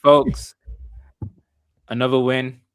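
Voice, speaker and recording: A man's voice: mid-range voice, flat delivery, takes it slowly, fairly bright tone, clean tone, no echo. Upbeat male football podcast host. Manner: upbeat, sign-off patter with frequent "um, but yeah". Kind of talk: casual fan chat.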